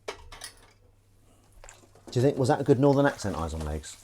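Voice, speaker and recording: Over slight background noise and clinking dishes and pans, a man talks rapid-fire with big pitch swings in a dark-toned, medium-pitched voice. He's washing up in his home kitchen on a live stream, rambling casually and joking about himself.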